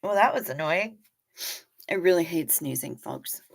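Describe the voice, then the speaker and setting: A woman's voice: on the low side, expressive, unhurried, vocal fry. A woman hosting a livestream in a folksy, chatty way, greeting viewers by name and calling them honey. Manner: hums and sings little doo-doo fillers. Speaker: livestream host. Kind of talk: casual chat reading viewer comments.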